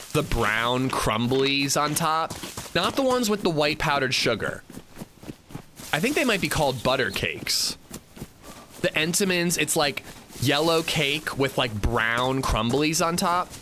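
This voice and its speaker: A young man chatting casually on a gaming livestream, rambling and animated as he reads chat while playing. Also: medium pitch, slight background noise.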